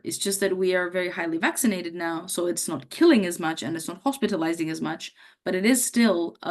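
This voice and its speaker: A woman with a hoarse voice from a cough, teaching medical students how to take a patient's history in a conversational way, acting out the questions she would ask a patient. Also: on the low side, darkish tone. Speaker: medical lecturer. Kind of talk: teaching a workshop on history taking.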